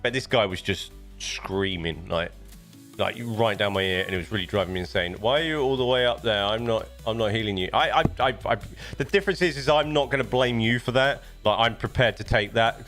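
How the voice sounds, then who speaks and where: A man's voice: lowish voice, a little fast, fairly bright tone, faint music behind. A man with a British accent chatting casually on a live stream, rambling and often restarting his sentences. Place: home desk setup.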